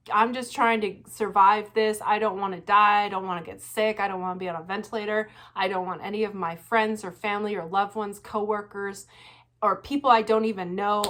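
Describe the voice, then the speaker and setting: A woman vlogging her casual reaction commentary, animated and laughing often, with frequent swearing. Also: mid-range voice.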